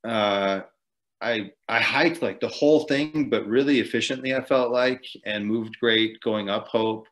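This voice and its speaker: A man with a fairly low voice tells a long race story as a podcast guest. He rambles loosely, leans on fillers, and keeps breaking into small chuckles. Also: a little slow, a bit bright. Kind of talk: casual storytelling interview.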